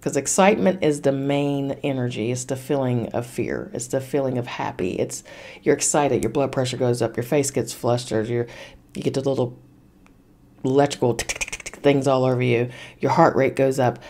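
A woman's voice: a bass voice, moderate pace, mellow. A woman hosting a podcast, giving blunt, emphatic self-help advice in a casual spiritual talk, swearing freely and repeating her points. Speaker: podcast host.

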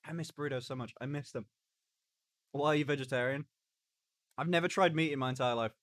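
A man's voice: mid-range voice, fairly even intonation, fast talker, a bit bright, no room sound, clean studio sound. A man streaming live in casual chat, joking, swearing and eating on camera. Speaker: livestreamer.

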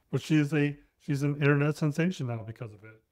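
A man's voice: fairly high pitch, expressive, normal speed, darkish tone, dry recording. A young man co-hosting a podcast in casual chat, blunt and rambling, swearing offhandedly. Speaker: podcast co-host.

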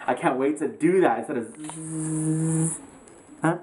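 A young woman vlogging with friends, excitable and swearing a lot. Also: low-pitched, slow pace, soft background music, poor audio. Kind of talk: casual vlog chat. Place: indoors with friends.

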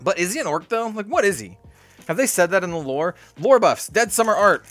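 A young man hosting a card-opening video in a small hot room, rambling and excitable, talking about being sweaty and needing to calm down. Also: high-pitched, fairly quick, faint music behind. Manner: excitable, rambling, lots of "dude" and "like". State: sweaty and worked up. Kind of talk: casual case-opening commentary.

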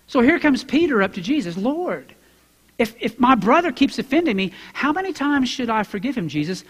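A man preaching a sermon as a pastor, acting out Bible characters in quoted voices and building to loud, emphatic preaching. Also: sits high, big pitch swings, normal speed, breathy edge, big-room sound. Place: church sanctuary.

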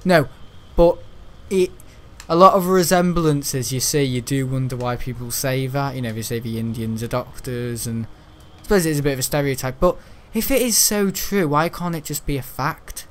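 This gaming YouTuber is a young man whose medium-pitched voice moves at a moderate pace with hardly any pauses. He chats his way through a let's-play in a meandering, rambling style, casually swearing and frequently starting sentences over.

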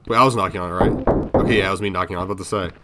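A man's voice: low-pitched, steady tone, rapid-fire, very noisy. Jumpy, foul-mouthed man playing horror game. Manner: jumpy, swearing, talks to himself and viewers. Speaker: gaming video creator. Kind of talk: casual horror game commentary.

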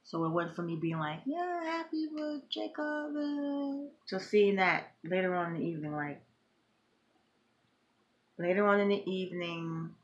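A woman's voice: fairly low pitch, steady tone, moderate pace, pauses often, dull audio. A middle-aged woman vlogging emotionally, talking in an impassioned, repetitive, grieving way. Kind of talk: emotional personal vlog.

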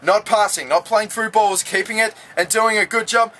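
An Australian man commentating his own football video game match, swinging from calm play-by-play to loud, swearing outbursts. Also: sits high, normal speed, few pauses, faint music behind. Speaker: gaming YouTuber.

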